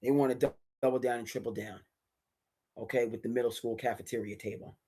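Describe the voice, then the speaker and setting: A man hosting a solo sports talk livestream, ranting emphatically with sudden loud bursts. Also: medium pitch, fairly even intonation, fast, slightly rough. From New England. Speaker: sports commentary host.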